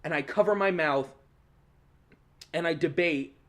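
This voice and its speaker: A young man hosting a podcast, telling a story in a casual, animated way, swearing often and laughing along. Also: fairly high pitch, measured pace. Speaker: podcast host.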